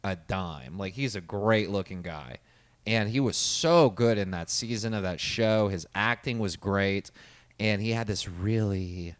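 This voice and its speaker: A young man co-hosting a casual comedy podcast, telling animated stories and slipping into impressions of other people. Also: lowish voice, unhurried, no echo. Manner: animated storyteller, breaks into laughter, mimics voices. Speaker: podcast co-host.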